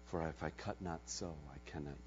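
A man's voice: very deep voice, moderate pace, faint music behind, pitched below the performer's own voice. A man playing the grave, loving master of a garden in a spoken parable, speaking in old-fashioned words, on a dull lo-fi recording. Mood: hushed solemn. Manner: grave and solemn.

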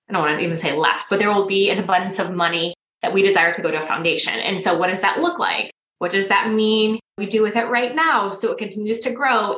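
A woman in her thirties talks as a podcast guest, a coach who brings her stories to life by acting out what people said. Her voice is bright and forward. The room around her gives a noticeable echo. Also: mid-range voice. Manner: animated storyteller, acts out quoted dialogue. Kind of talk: casual podcast interview.

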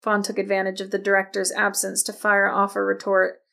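A woman reads a novel aloud in scripted audiobook narration. Her voice is mid-pitched with a noticeably gravelly, creaky texture. She tells the story in a steady, even manner. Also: brisk.

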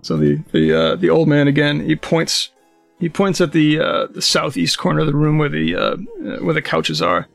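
Gravelly game master narrating a scene. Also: male voice, fairly high pitch, sing-song, moderate pace, dry recording, faint music behind. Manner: hesitant, full of fillers.

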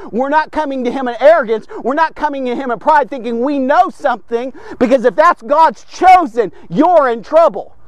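A man's voice: very high-pitched, dry recording. A man preaching a devotional podcast sermon, fervent and emphatic, asking and answering his own rhetorical questions.

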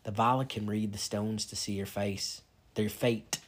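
A man voicing a young female warrior who explains things in hushed, matter-of-fact asides. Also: lowish voice, fairly even intonation, measured pace. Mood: whispered.

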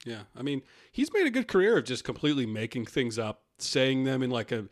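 A man's voice: mid-range voice, very animated, a little fast. A man co-hosting a comedy podcast, talking in a rambling, casual way and laughing often. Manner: rambling, laughs often, quotes people in put-on voices. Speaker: podcast co-host.

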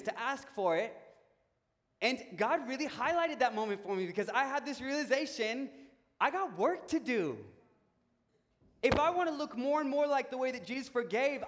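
High-voiced young pastor in a reverberant hall. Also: male voice, fairly bright tone. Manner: conversational, self-mocking storytelling. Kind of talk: sermon. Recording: long reverb of a large hall.

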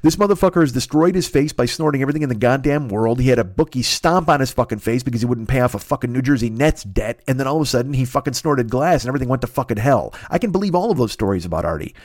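Man, podcast host, profane comic rant, mocking impressions, mid-pitched voice, dry close sound. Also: fast talker, few pauses, no room sound. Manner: animated, swearing constantly, mocking impressions.

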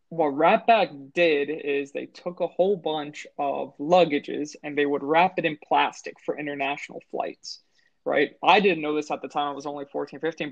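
A man's voice: a little high, vocal fry, no room sound, lo-fi sound. A man co-hosting a podcast, telling a story in a rambling way and correcting himself as he goes. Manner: rambling, self-correcting, fillers. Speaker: podcast co-host. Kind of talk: casual storytelling.

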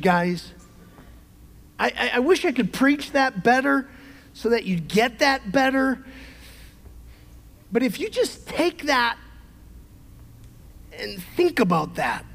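A middle-aged male pastor preaching a sermon, emphatic, swinging from shouted peaks to quiet conversational asides. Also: very high voice. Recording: long hall reverb.

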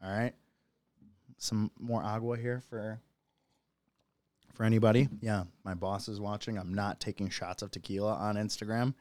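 An excitable man hosting a live-stream podcast, talking casually and laughing often. His voice is smooth and resonant, recorded close and dry. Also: fairly low pitch, normal speed, long pauses, no echo. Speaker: podcast host. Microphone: phone or computer mic on a live stream.

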